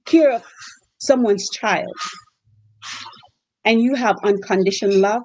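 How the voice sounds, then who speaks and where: A woman with a mid-range voice speaks at a measured pace on a rough recording with a little hiss or hum. She hosts exchange students and, in an interview, tells stories animatedly while acting out the quotes.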